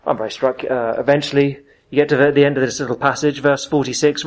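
A man preaching a sermon in a conversational, emphatic way, dropping to soft, earnest tones. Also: medium pitch, fairly even intonation, quick pace, rough recording.

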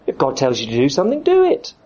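A man's voice: a little high, wildly swooping pitch, quick pace, a little mellow. A man preaching a sermon, acting out the voices of the people he quotes.

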